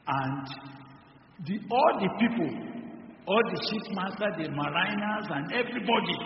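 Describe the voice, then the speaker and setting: A man's voice: high voice, lively intonation, moderate pace, long pauses, background noise. A man preaching a sermon, retelling scripture dramatically with repetition and rhetorical questions. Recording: echoey hall from far off, dull.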